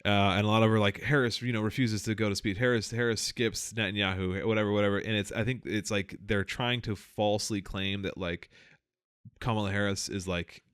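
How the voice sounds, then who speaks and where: A man's voice: fairly low pitch, fairly even intonation, a little fast, a bit bright, smooth, dry recording, clean studio sound. A man co-hosting a podcast, talking in a casual, rambling, profane way with many fillers and restarts. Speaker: podcast co-host. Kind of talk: casual political chat.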